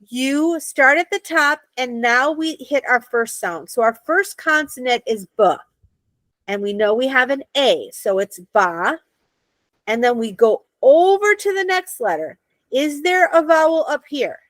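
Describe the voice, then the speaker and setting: A woman's voice: high voice, animated, unhurried, a bit bright, no room sound. Upbeat American woman teaching a class. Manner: patient, checks understanding often. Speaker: Hebrew teacher.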